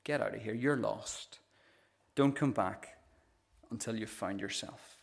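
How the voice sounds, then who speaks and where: A man's voice: on the low side, a little slow, vocal fry. A male preacher voicing a resentful older brother who scolds his younger sibling with cold self-righteous contempt. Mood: cold dismissive. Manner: scornful, cold, lecturing.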